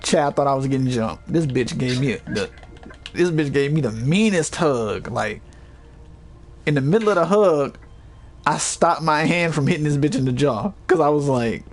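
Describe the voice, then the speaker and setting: A man hosting a casual chat, telling profane, animated stories packed with quoted dialogue. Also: fairly high pitch, moderate pace, faint music behind. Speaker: host.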